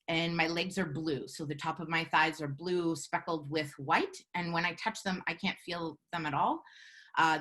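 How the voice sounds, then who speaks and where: A woman telling a personal story live, in an earnest, measured way with halting pauses. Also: fairly low pitch, sharp tone. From Canada.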